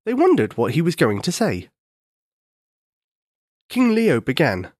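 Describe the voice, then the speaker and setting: A man narrating a children's story in a gentle, expressive way. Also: a little high, unhurried, pauses often, no room sound, clean studio sound.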